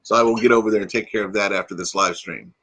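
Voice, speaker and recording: A man's voice: lowish voice, fairly even intonation, fast, a bit bright. A man hosting a casual live stream, chatting loosely and answering viewer comments while still a bit groggy from waking up. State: groggy, freshly woken.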